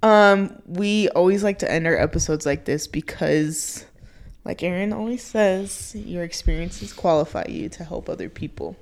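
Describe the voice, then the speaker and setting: A woman's voice: on the low side, normal speed. A woman co-hosting a podcast, chatting casually and asking her guest a closing question. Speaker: podcast co-host.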